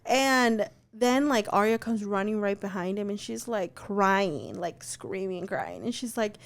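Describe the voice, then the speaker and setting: A young adult woman co-hosting a podcast, telling a story in an animated, chatty way, full of fillers and swearing. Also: fairly high pitch, moderate pace, hardly any pauses. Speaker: podcast co-host. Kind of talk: casual chat.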